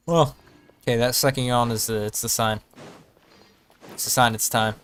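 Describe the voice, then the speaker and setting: A man's voice: mid-range voice, fairly bright tone, clear, resonant tone. A man giving casual, joking gameplay commentary, often talking to himself as he plays. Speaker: streamer.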